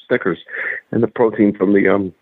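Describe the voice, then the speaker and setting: A man's voice: lowish voice, little pitch movement, normal speed, no echo. A man, a guest and former pro wrestler, telling rambling, profane stories in casual chat with lots of restarts. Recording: tinny phone-like line, dry.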